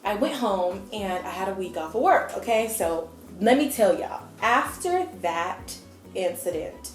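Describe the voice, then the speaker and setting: A young adult woman tells a story to her camera in a chatty, animated way. She slips into quick voices for the people in it. Her voice sits at a middle pitch, and the room around her sounds echoey, with faint music underneath. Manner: chatty, animated, acts out quotes. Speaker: vlogger. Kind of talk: casual storytelling.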